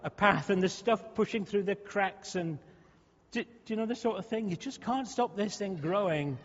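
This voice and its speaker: A male pastor preaching a sermon in a conversational way, often restarting and repeating words. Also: sits high. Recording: muffled sound with long hall reverb.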